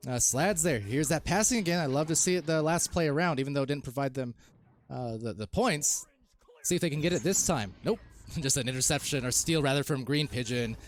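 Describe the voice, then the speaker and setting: A man casting a live esports match, calling plays quickly and rising to shouts when goals are scored. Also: a little high, slight background noise. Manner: excitable, rises to shouts on goals. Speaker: esports caster. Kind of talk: live play-by-play commentary.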